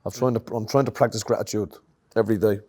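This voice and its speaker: Middle-aged Irish male guest: a low-pitched, easygoing talker who muses aloud. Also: quick pace, breathy edge. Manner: relaxed and reflective, many "you know" fillers. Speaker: musician guest. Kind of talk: conversational interview.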